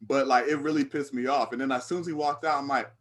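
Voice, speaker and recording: A young man, a podcast co-host, telling a long story in a relaxed, casual way. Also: medium pitch, quick pace. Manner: laid-back, laughs when riled up.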